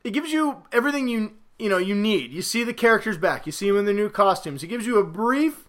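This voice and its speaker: A man hosting a podcast, chatting casually and telling stories with rising excitement and rambling asides. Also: sits high, quick pace. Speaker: podcast host.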